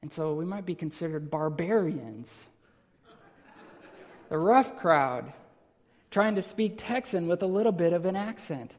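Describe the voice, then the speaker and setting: In the long reverb of a large hall, a Wisconsin man with a Wisconsin accent preaches an expository sermon, explaining patiently, repeating phrases, and building to emphatic lists. His slightly high voice has lively intonation, and he speaks at a measured pace with frequent pauses.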